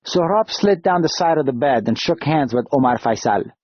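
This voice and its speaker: A man reading an audiobook in a calm, measured narration. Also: fairly high pitch, slightly rough, no room sound. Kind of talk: scripted narration. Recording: dull, dry lo-fi studio read.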